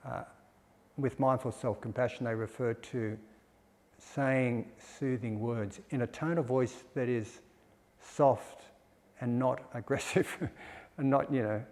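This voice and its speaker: A man giving a dharma talk as a meditation teacher, explaining in a gentle way and laughing softly now and then. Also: mid-range voice. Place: meditation centre hall. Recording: long hall reverb.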